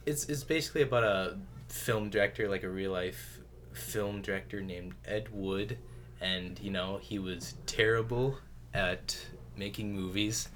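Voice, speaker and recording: A man hosts a podcast in relaxed, casual chat. His voice sits fairly low, and his laid-back remarks often trail off into quieter asides. A faint hum of room ambience lies underneath. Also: unhurried. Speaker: podcast host.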